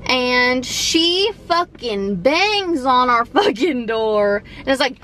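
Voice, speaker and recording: A young woman vlogger telling a story casually, animated, swearing, with lots of "like". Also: on the high side, unhurried, few pauses, a little hiss or hum, rough recording.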